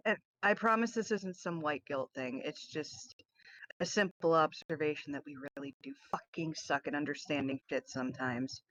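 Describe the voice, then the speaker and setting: A woman hosting a casual panel discussion, blunt and quick to swear. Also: low voice, dry recording. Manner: blunt, swears freely, animated when acting out scenes. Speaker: host. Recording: dull lo-fi dry sound.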